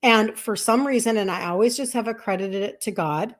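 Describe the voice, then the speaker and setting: A woman's voice: mid-range voice, a little fast. Chatty woman in her fifties telling a story. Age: 50s. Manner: chatty, animated, acts out quoted dialogue. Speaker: health coach hosting a live stream. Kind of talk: casual live-stream storytelling.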